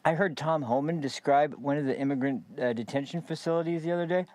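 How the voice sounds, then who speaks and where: A man's voice: a little high, quick pace, few pauses, darkish tone, no echo. A man hosting a political commentary show, rambling and sarcastic with many fillers and restarts. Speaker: podcast host.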